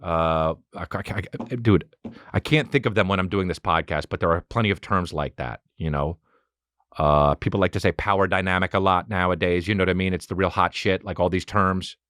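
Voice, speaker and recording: A man's voice: deep voice, fairly even intonation, fairly quick, fairly bright tone, no echo, studio quality. A man hosting a podcast alone at home, talking in a loose, profane, rambling comedic monologue that jumps from topic to topic. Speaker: podcast host. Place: home room with a fan running.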